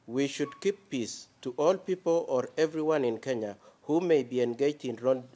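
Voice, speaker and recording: A man speaking as defence counsel in a courtroom, addressing the judges formally and reading quoted passages aloud in a measured way. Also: medium pitch, dark tone.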